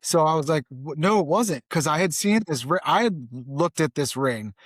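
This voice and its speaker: Middle-aged man telling a lively story. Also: fairly high pitch, moderate pace, husky, no room sound, clean studio sound. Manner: animated, acts out dialogue, peppers lines with "right?". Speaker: podcast guest. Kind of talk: casual storytelling in conversation.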